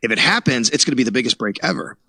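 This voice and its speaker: Quick-talking man from Buffalo with a bright, forceful tone, a reporter guest on a podcast who acts out what others said. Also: medium pitch, breathy edge, no room sound. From Buffalo, New York. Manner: animated, acts out quoted dialogue. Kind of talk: casual storytelling interview.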